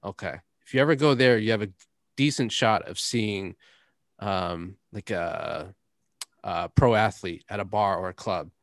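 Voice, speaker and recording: A man's voice: lowish voice, a little slow, no echo. Young man, podcast host, rambling anecdotal delivery, dead-dry close mic. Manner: rambling storyteller, laughs often, drops curses. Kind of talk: casual chat.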